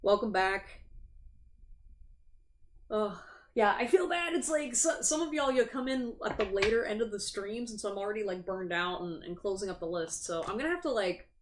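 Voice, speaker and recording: A woman hosting a live tarot stream in a loose, rambling way, sympathetic to her viewers with a sassy edge. She talks frankly and swears without hesitation, with a voice of middling pitch for a woman. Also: animated, normal speed, slight background noise. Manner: chatty, frank, swears freely. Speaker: tarot reader and livestream host. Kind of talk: casual livestream chat. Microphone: streaming setup.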